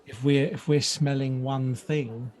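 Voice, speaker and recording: A man hosting a podcast, telling stories in a relaxed, wry way. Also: mid-range voice, measured pace, crowd noise. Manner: relaxed and wry, laughs at his own jokes. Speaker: podcast host. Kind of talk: conversational podcast storytelling.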